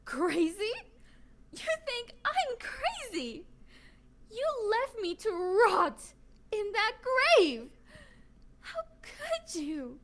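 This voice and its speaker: A woman's voice: extremely high pitch, very animated, voice pushed up, exaggerated voice. An anguished betrayed woman. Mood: anguished accusing. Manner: slow, loud, accusing delivery breaking toward tears. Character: betrayed woman left for dead, bitter and anguished. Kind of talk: voice acting practice read.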